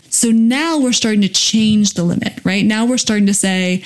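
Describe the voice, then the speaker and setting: A woman's voice: medium pitch, a little fast, few pauses, darkish tone. A woman hosting a parenting podcast as a play therapist, explaining step by step and acting out what a parent should say. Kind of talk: podcast teaching.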